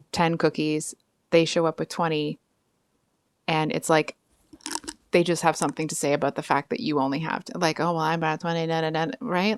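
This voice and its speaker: Lady doing a chatty tarot reading, kinda low voice, dry close sound, rambles a lot. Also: clear, resonant tone, dry recording. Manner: chatty, rambling, with frequent asides and apologies. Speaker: tarot reader.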